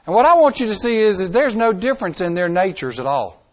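A man in middle age with a drawl delivers a sermon in a voice pitched high for a man. He presses his points with dramatic shifts in volume and tempo. He often stops to put a rhetorical question to his listeners. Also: very animated, fast talker. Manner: emphatic, dramatic swings in loudness and pace, rhetorical questions. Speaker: preacher.

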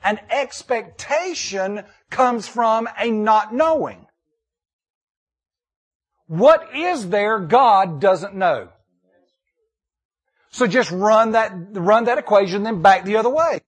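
A man preaching a sermon, reading scripture and repeating key lines emphatically with dramatic pauses. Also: high-pitched, lively intonation, slightly rough. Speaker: pastor.

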